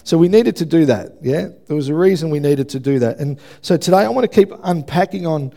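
A man's voice: fairly high pitch, fairly quick, gravelly, mellow. A man preaching a sermon in a conversational way, often checking in with the congregation. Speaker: pastor.

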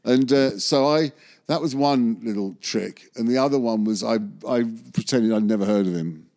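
A man's voice: medium pitch, normal speed, a little mellow. A man, a magician, telling a rambling anecdote in an interview, often correcting himself and chuckling. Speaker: magician recalling film work.

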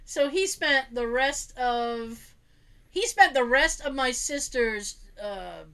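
Animated woman telling a funny story. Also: high voice, slow. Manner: animated, laughs often, acts out relatives' voices. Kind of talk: casual storytelling chat.

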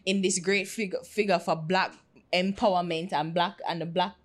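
A Jamaican woman co-hosting a podcast, chatting casually and telling animated stories, slipping into patois. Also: on the low side, moderate pace. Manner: animated storyteller, slips into patois for quotes. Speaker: podcast co-host.

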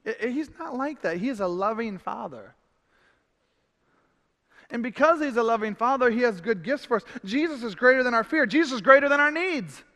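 A man's voice: very high voice, expressive, a little fast, pushed and bright. A man preaching a sermon as pastor, emphatic, repeating phrases and crying out in frustration. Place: church hall. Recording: long hall reverb.

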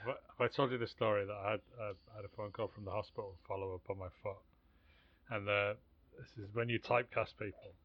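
A man's voice: fairly low pitch, fairly even intonation, fast. A man from Wales telling a phone-call anecdote in casual chat, acting out both voices. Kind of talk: casual storytelling. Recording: dry, dull lo-fi sound.

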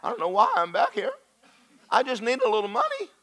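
A man voicing a whining petty thief who pleads excuses, high, loud and fast, in a sermon. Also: huge pitch swings, vocal fry, heavily acted. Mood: pleading.

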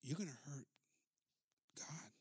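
A man voicing a gentle little old Christian secretary who speaks softly and pleadingly. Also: on the high side, expressive, fast talker, husky, dry recording, studio quality, exaggerated voice. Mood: hushed warning. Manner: soft, hushed, pleading.

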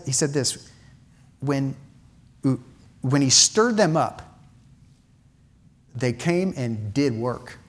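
A man preaching a sermon in a church, impassioned, with repeated phrases and many restarts. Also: mid-range voice. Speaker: pastor.

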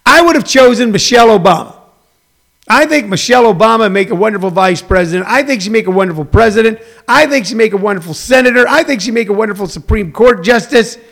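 Gravelly, high-pitched middle-aged man. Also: expressive, fast talker, fairly bright tone. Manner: chatty, digressive, folksy asides. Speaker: talk show host. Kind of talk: rambling monologue.

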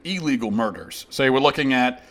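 A man's voice: mid-range voice, expressive, moderate pace, fairly bright tone. A man hosting a show, delivering a heated, sarcastic opinion monologue in reply to a critic. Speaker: host.

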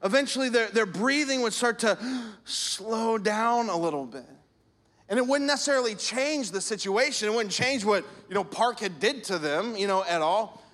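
A man's voice: high voice, expressive, normal speed, fairly bright tone. A man preaching a sermon, talking conversationally and acting out little stories with gestures of voice. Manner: conversational preaching with acted-out anecdotes. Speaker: pastor.

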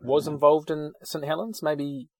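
A man's voice: fairly high pitch, level tone, a little slow, no room sound. Rambling New man, dry close mic. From New Zealand. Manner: rambling anecdotes with swearing and fillers. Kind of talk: casual chat.

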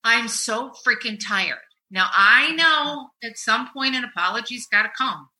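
A middle-aged woman talks casually as a podcast host with a therapist's ease. Her voice is very bright and lively in pitch. She tells stories animatedly, getting loud, then dropping to a hush. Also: measured pace, rough recording. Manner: animated storytelling, swings from loud to hushed.

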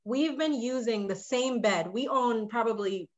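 A woman who runs a short-term rental, telling a story in a casual podcast chat and getting animated when she quotes people. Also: fairly high pitch, a little slow.

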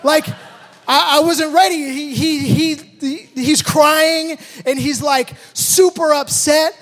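Taking his time, a man with a strikingly high voice relates a family story from his own life as a father, animatedly shouting out sound effects for every beat. It's a storytelling talk with a life lesson, and the long reverb of a big hall rings around each word.

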